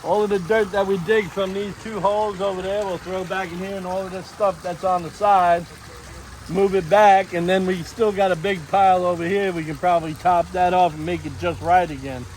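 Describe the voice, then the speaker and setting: Easygoing high-voiced man rambling outdoors. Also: little pitch movement, brisk, a little mellow, poor audio. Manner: rambling, easygoing, talks to his animals. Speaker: vlog host. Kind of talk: casual chat. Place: outdoor backyard. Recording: outdoor noise.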